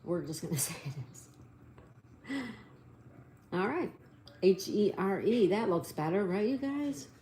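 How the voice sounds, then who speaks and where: A woman's voice: mid-range voice, lively intonation, measured pace, pauses often, warm tone, slight background noise. A woman hosting a casual live stream, spelling out answers letter by letter and reading viewer comments aloud.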